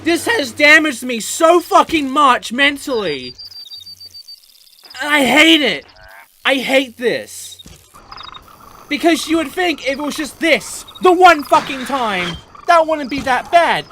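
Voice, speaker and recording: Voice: sits high, very animated, slow, sharp tone, a little hiss or hum. A gaming host giving let's play commentary, ranting in a profane, exasperated way.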